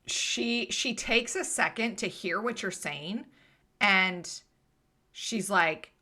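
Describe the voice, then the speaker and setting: A woman's voice: mid-range voice, slow pace, pushed and bright. A woman game master narrating a tabletop game casually, with many hesitations.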